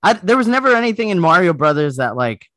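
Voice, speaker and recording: A man's voice: high voice, sing-song, quick pace, a bit bright, no room sound. Casual male co-host, jokey and rambling, dry close sound. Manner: joking, rambling with restarts. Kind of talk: casual panel chat.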